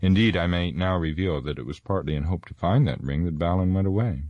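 A man voicing a proud, gruff dwarf who speaks bluntly and urgently. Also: deep voice, a little fast, no echo, highs cut off, pitched above the performer's own voice, lightly acted.

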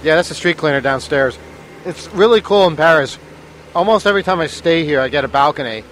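Bright, brisk, and lively in intonation, this man's higher-pitched voice carries a casual, joking chat he co-hosts from a hotel balcony. Street traffic from the busy road below fills the background, and he laughs a lot.

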